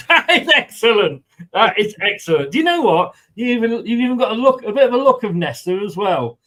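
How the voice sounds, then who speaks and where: A man hosting a casual fan live stream. He chats loosely with plenty of fillers and reads viewer comments aloud, his voice sitting a little high. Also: very animated, a little fast, pushed and bright, slight background noise. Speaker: fan channel co-host.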